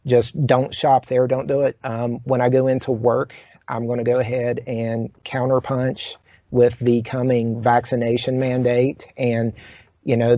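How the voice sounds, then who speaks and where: A man hosting a casual talk show, speaking haltingly with many fillers and restarts. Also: mid-range voice, no echo. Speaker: host. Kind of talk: casual chat. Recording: dry, dull lo-fi sound.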